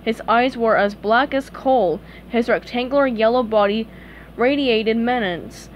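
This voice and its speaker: A woman reading a children's book aloud in a calm, unhurried, steady way. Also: on the high side, a little hiss or hum. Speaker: storybook reader.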